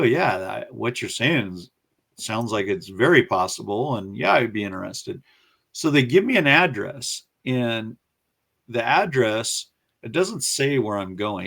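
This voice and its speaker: A man's voice: fairly low pitch, gravelly. A man in a casual interview, telling a story with energy and acting out the voices of the people he quotes. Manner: animated storyteller who acts out quoted voices. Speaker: guest recounting his career.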